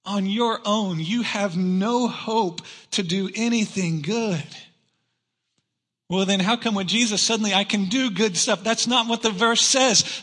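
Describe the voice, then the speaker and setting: A man preaching a sermon to his church, telling stories conversationally and swinging between loud emphasis and hushed asides. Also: high-pitched, moderate pace. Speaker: pastor. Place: church sanctuary. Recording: long reverb of a large room.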